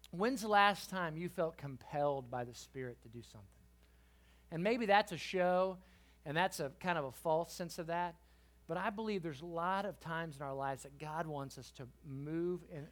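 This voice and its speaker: Lively middle-aged male preacher. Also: fairly high pitch. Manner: lively, swings from quiet to loud. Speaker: guest preacher. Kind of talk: youth sermon with storytelling. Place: church youth service.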